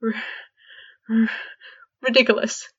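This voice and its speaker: A woman's voice: medium pitch, fairly even intonation, slow, husky, lo-fi sound. A woman voicing a frightened, guilt-ridden young man who stammers and pleads. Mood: pleading. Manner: stammering and shaky.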